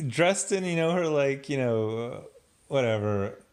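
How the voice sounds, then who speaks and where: In a casual, sarcastic TV episode review, a man with a mid-range voice speaks unhurriedly. He's animated and laughs often while picking the episode apart.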